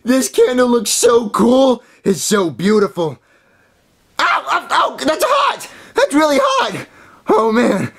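A man voicing a bratty, whiny little boy in a puppet comedy skit, with a squeaky, raspy voice. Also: sing-song, measured pace, full character voice. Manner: whiny, childish, demanding.

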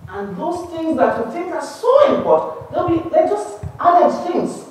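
A woman giving a religious lecture in a civic auditorium, expressive and shifting between soft and emphatic. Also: on the high side. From Nigeria. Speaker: Christian Science lecturer. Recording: echoey hall from far off.

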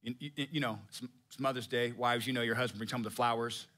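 A man voicing a calm, generous king who speaks low and coaxing inside a sermon retelling. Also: a little slow, husky, exaggerated voice.

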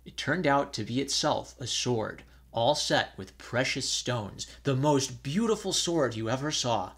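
A man reading an old fairy tale aloud in a measured storytelling manner. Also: mid-range voice, expressive, a bit bright, breathy edge.

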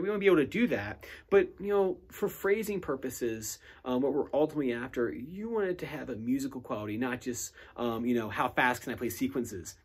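A man giving a guitar student recorded feedback in a relaxed way, with many fillers, counting picking strokes aloud and humming rhythms. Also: medium pitch, fast talker, few pauses, slightly rough. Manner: hums and scats rhythms while demonstrating. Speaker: guitar teacher. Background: guitar playing between phrases.

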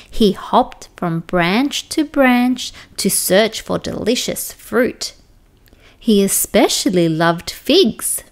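Slow, expressive Australian storyteller woman. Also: on the high side. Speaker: storytime reader. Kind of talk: children's picture book read-aloud.

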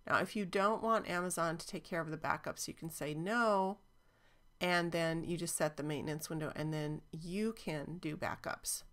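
A woman's voice: deep voice, steady tone, normal speed, a bit bright. A woman teaching cloud databases in a chatty, enthusiastic screen-recorded walkthrough, with frequent ums.

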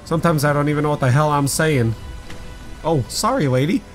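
Excitable, foul-mouthed gamer guy. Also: a little high, fairly quick, music in the background. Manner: excitable, swears often, rambling asides. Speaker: let's play gamer. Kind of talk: gameplay commentary.

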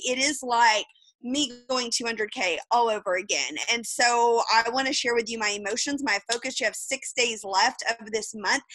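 A woman's voice: a little high, pushed and bright, no echo. A woman, giving a fired-up, candid motivational talk as a guest on a video call, swearing freely. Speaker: guest speaker.

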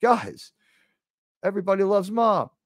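A man with a New York accent hosting a casual live stream, rambling and restarting his sentences, with sudden animated bursts. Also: high-pitched, measured pace, no room sound, clean studio sound. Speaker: livestream host.

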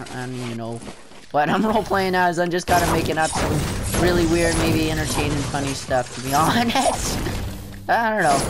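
A gameplay video creator giving casual, rambling commentary and often trailing off unsure. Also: mid-range voice. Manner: rambling, unsure self-talk. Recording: loud background game noise.

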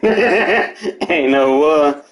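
A young man giving casual, excitable commentary while playing a video game, trash-talking, laughing and yelping often. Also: on the high side, drawn-out words, a little hiss or hum. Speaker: gameplay streamer.

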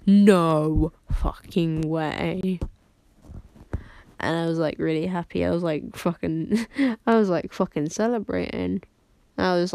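Gravelly young woman streamer rambling. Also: on the low side, no echo. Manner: rambling, excitable, giggly. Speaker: game streamer. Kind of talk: casual live-stream chat.

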